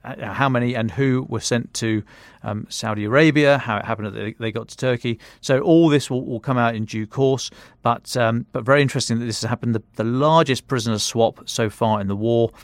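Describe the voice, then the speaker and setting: A man contributing analysis to a news podcast, speaking haltingly with frequent restarts. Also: medium pitch, no room sound, studio quality.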